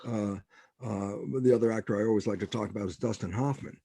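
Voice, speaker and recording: A man's voice: fairly low pitch, steady tone, fast talker, gravelly, dark tone, husky, dry recording. An older man, a guest biologist on a podcast interview, telling stories with animation and acting out quoted dialogue. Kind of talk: interview conversation.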